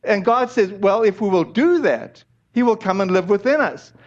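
A man's voice: high voice, expressive, moderate pace. A man preaching a sermon as a pastor, speaking in a conversational way with restarts and fillers, and closing in prayer. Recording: dull lo-fi recording.

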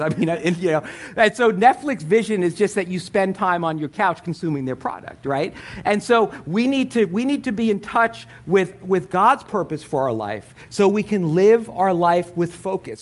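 A middle-aged man preaching a sermon as pastor, conversational and playful, with frequent asides. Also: high voice.

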